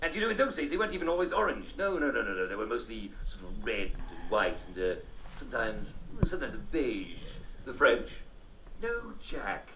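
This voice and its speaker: A man's voice: medium pitch, very animated, a little fast, a bit bright, slight background noise, pitched below the performer's own voice. A man voicing a rambling, jolly mad old English king with a posh English accent and a giggly way of talking. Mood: daft cheer. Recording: roomy, distant, dull game audio.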